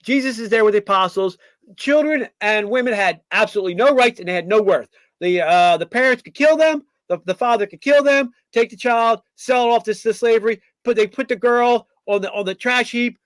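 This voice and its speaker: A man's voice: high-pitched, dry recording. A man giving an opinionated political monologue as host, rambling with many fillers and restarts. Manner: acts out quoted figures in mock voices. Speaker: podcast host.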